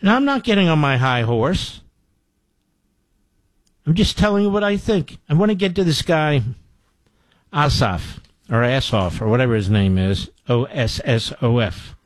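A man's voice: medium pitch, no echo. Indignant male political talk host. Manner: indignant, emphatic, repeats phrases for effect. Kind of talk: opinionated monologue.

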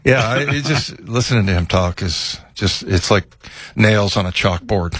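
A man's voice: on the low side, expressive, normal speed, fairly bright tone, slightly rough, dry recording. A man co-hosting a sports talk show, chatting casually about football with lots of fillers and restarts. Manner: rambling, many fillers and restarts. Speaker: sports radio co-host.

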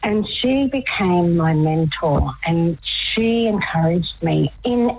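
A woman's voice: fairly low pitch, animated, slow, breathy edge. An older woman chatting as a radio guest, telling her story with eagerness and frequent laughter. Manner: enthusiastic storyteller, laughs often. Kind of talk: casual chat on radio. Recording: muffled lo-fi radio sound.

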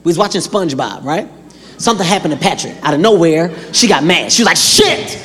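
A man performing a stand-up comedy set, telling animated stories and acting out characters with sudden shouts, in a large live venue. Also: on the high side, fast. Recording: echoey live hall with crowd noise. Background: audience laughter.

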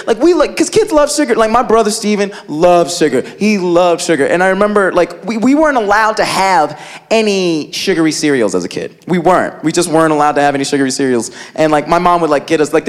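A man doing stand-up comedy, telling an animated story and acting out his family's voices, recorded live in a club. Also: high voice. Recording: live club with audience laughter and noise. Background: audience laughing.

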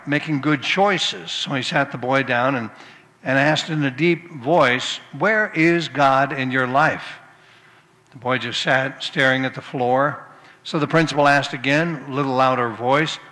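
A man's voice: mid-range voice, pushed and bright. A man preaching a sermon, telling folksy humorous anecdotes before turning to scripture. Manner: storytelling, folksy, with occasional restarts. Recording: long hall reverb.

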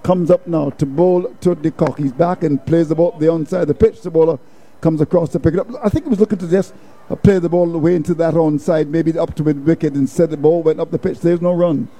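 A man giving ball-by-ball cricket commentary in a steady, folksy way, dropping proverbs between deliveries. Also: a little high, fast talker.

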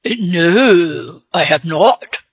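A woman's voice: animated, slightly rough, dry recording. Woman with a put-on English accent. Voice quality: deep-pitched. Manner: hesitant, halting with many fillers. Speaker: mystery guest. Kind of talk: radio guessing-game interview.

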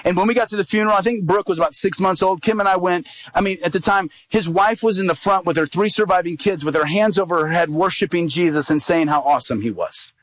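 A man's voice: sits high, quick pace, fairly bright tone, no echo, poor audio. A middle-aged man, an evangelist, telling a personal story in a sermon and acting out the quoted dialogue.

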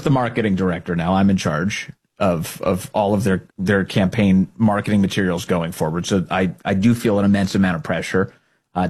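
Husky, sarcastic talk radio host. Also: male voice, fairly low pitch. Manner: mocking, sarcastic, animated.

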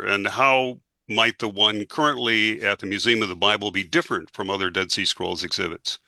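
A man hosting an interview, introducing his guest and asking questions in a smooth, prepared way. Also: fairly low pitch, pushed and bright, no room sound. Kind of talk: interview host.

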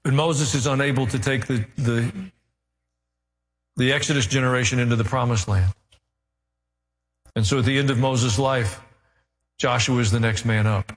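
A man's voice: medium pitch, fairly even intonation, moderate pace, pauses often, long reverb tail. A man preaching a sermon, earnest and building in intensity, with dry joking asides.

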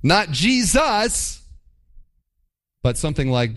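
A man preaching from the pulpit in a voice pitched slightly above the usual male range. His delivery rises and falls widely in pitch. He slips into playful mock quotes to make his points. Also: measured pace. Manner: animated, mock-quoting with playful asides. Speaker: pastor. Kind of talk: sermon.

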